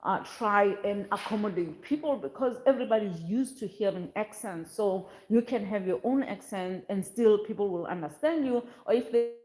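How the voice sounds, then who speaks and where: A woman's voice: medium pitch, moderate pace, hardly any pauses, a little mellow. A middle-aged woman with a South African accent, chatting casually as she walks through a large house. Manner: chatty, exclaiming, rambling asides. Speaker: vlogger. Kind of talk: casual walkthrough vlog. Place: inside a large empty house under construction. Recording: echoey rooms. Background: workers and noise nearby.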